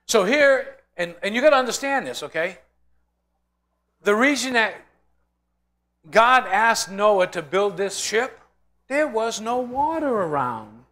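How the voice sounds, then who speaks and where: A man leads a Bible study in a loose, conversational sermon. His voice sits a little high for a man. He tells the story with energy and slips into the voices of the characters as he goes. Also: takes it slowly, long pauses. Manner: animated storytelling, acting out quoted voices. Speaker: pastor teaching Bible study. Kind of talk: informal sermon.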